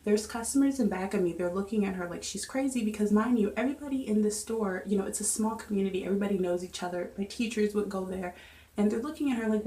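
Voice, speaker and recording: A young woman vlogger chatting through a storytime in an animated, lively way. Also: mid-range voice, quick pace. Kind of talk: storytime vlog. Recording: echoey room.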